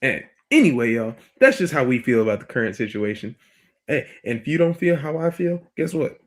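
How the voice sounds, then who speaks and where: A man's voice: medium pitch, very animated, brisk. A man hosting a podcast, talking bluntly in casual opinion chat and swearing freely. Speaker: podcast host.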